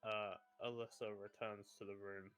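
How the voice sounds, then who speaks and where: A man narrating as game master of a tabletop role-play, halting and laughing often. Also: lowish voice, flat delivery, fairly bright tone, smooth. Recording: dry close mic with faint music.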